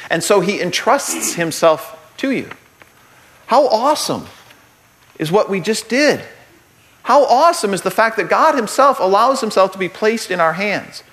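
Addressing a group, a Catholic speaker with a voice a bit on the high side teaches about the Eucharist with plenty of humor. He tells animated stories sprinkled with jokes, then builds toward sincere, serious points.

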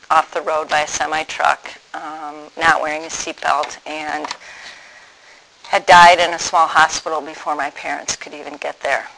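A man telling his personal testimony in a reflective way, pausing often with ums and restarts. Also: a little high, creaky, sharp tone, slight background noise, rough recording. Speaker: speaker sharing his faith story.

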